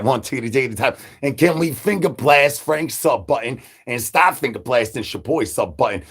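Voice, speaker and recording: A man's voice: medium pitch, animated, normal speed, few pauses, a bit bright, breathy edge. A man livestreaming, rambling crude jokes and talking straight to his chat in a repetitive, joking way. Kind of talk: rambling crude stream banter.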